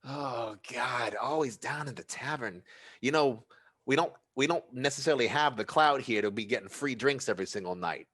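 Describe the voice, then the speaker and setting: A man's voice: medium pitch, moderate pace, a bit bright, husky, voice pushed up. A man voicing a tiny, mousy male denizen who is impatient, brash and swears a lot. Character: mousy tiny male denizen, harried, foul-mouthed boss.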